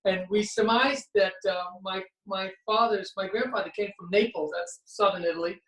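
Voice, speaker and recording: A man's voice: high voice, fairly even intonation, moderate pace, fairly bright tone. A man who teaches dance, chatting as a guest on a video call and telling stories with frequent restarts. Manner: chatty storyteller, repeats words when starting. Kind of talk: casual conversation over video call. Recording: roomy, distant video-call audio.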